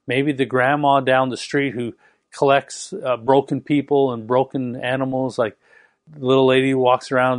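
Give me a man preaching fast and emphatically, with a dry, close sound. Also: medium pitch, no room sound. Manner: fast, emphatic, repeats and restarts words. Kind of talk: sermon.

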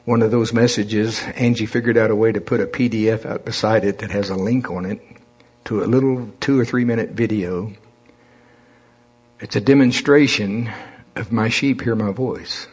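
A man's voice: lowish voice, steady tone, brisk, a little mellow, husky. A man preaching a sermon in a folksy, conversational way, calling on the congregation to repeat after him.

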